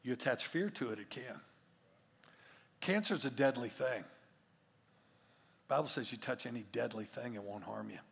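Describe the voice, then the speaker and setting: A man preaching a sermon as pastor, emphatic and repetitive, swinging between hushed asides and loud declarations. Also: mid-range voice, moderate pace, vocal fry, pauses often, big-room sound.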